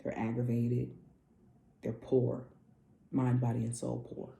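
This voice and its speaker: A woman's voice: rumbling low, completely flat delivery, slow pace, gravelly, dark tone. A woman spiritual coach giving a casual astrology reading, loose and profane, repeating herself like a preacher. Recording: roomy echo.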